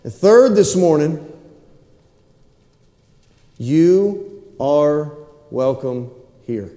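This male pastor's voice is on the high side, mellow and expressive, and extremely slow as he preaches in a church sanctuary. He repeats his points and draws call-and-response from the congregation, with the hall adding a roomy, long-reverb echo.

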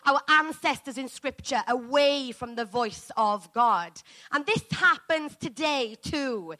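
A woman's voice: sits high, pushed and bright, dry recording, rough recording. A woman preacher giving a sermon, reading scripture and building to fervent, earnest emphasis. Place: church.

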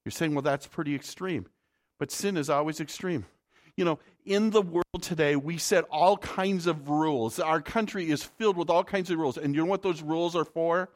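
A man's voice: on the high side, normal speed. A male pastor preaching a sermon in a conversational way, often asking the congregation rhetorical questions.

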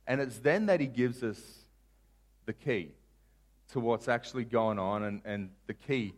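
A male pastor preaching a sermon, retelling a Bible story in casual modern terms and acting out the characters with big swings in loudness. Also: medium pitch, measured pace.

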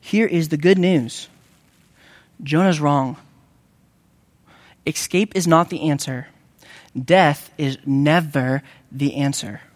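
A man preaching a sermon, earnest, with dramatic rises and slow, emphatic repetitions. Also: a little high. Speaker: pastor.

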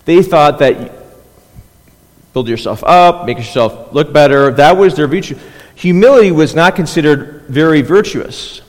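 A man's voice: on the high side, lively intonation, unhurried. A man preaching a conversational sermon as pastor, often checking in with listeners and restarting phrases. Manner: restarts and repeats words. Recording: long hall reverb.

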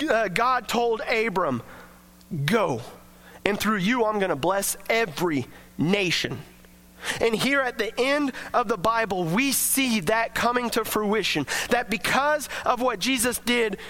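A man preaching a sermon to a church congregation, emphatic and energetic. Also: high voice. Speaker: pastor.

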